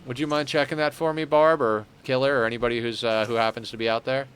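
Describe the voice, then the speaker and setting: A man's voice: medium pitch, fairly even intonation, fast talker, a bit bright, clean tone. Chatty man streaming a game. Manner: chatty, talks to chat, thinks aloud. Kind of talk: casual gameplay commentary.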